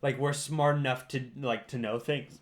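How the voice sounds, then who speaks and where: A man's voice: mid-range voice, fairly even intonation, moderate pace. A young man co-hosting a podcast, rambling and teasing in casual chat. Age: young adult. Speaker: podcast co-host.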